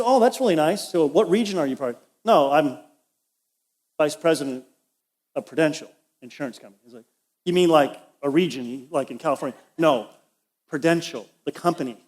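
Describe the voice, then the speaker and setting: His voice fairly high and a little mellow, a middle-aged pastor preaches a conversational sermon in a church auditorium. He relates a personal story and speaks asides to the congregation.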